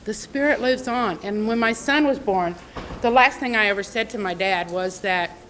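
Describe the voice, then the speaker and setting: A woman's voice: medium pitch, moderate pace, fairly bright tone, a little hiss or hum, low-quality recording. A middle-aged woman giving a personal recovery testimony as a convention speaker, heartfelt and conversational, with many fillers. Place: convention meeting room.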